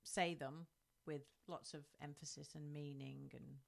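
A woman co-hosts a casual podcast in a fairly low voice. She talks in a brisk, matter-of-fact way and teases her co-host. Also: steady tone, gravelly. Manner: teasing, laughs often, brisk and matter-of-fact. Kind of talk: casual chat.

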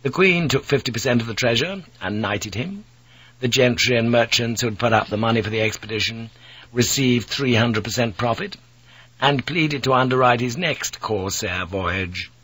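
A man narrating an audiobook in a measured, dramatic storytelling manner. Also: medium pitch, a bit bright, slightly rough, no room sound, low-quality recording.

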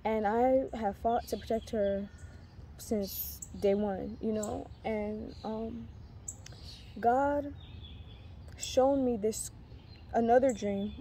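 A heavily pregnant young woman offers her faith testimony in a casual vlog, rambling earnestly through fillers and restarts. Her slightly high, mellow voice holds a steady tone as she goes slowly with long pauses, over slight background noise.

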